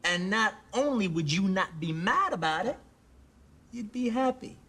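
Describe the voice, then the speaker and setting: A man's voice: high-pitched, expressive, unhurried, sharp tone, breathy edge, heavily acted. An actor playing a man in a bar who tells a long crude joke, swearing and laughing at his own punchline. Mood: boisterous. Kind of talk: film dialogue. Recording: film audio clip with music behind. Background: music.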